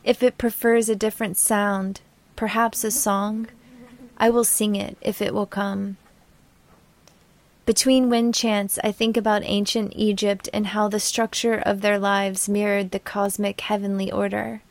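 Flat-voiced woman reading a dreamy memoir. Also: medium pitch, measured pace, no echo. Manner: dreamy, poetic. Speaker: narrator.

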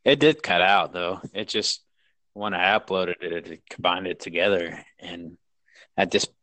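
A man's voice: low-pitched, measured pace, sharp tone, no room sound, rough recording. A man co-hosting a casual sports podcast, talking in an easygoing, agreeable way. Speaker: podcast co-host.

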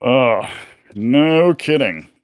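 A man voicing a gruff, friendly male naval commander in a tabletop game, hearty and blunt. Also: mid-range voice, animated, drawn-out words, no echo, clean studio sound.

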